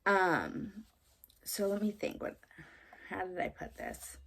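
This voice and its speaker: A woman's voice: medium pitch, lively intonation, slow, background noise. A young adult woman vlogging casually about spiritual ideas, rambling with lots of fillers and frequent tag questions.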